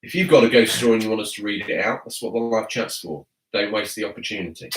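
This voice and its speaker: Low-voiced man hosting a casual stream. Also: fast, a bit bright, distant mic. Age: adult. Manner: teasing, reads chat comments aloud. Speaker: podcast host. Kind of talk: casual live-stream chat. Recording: echoey room, away from mic.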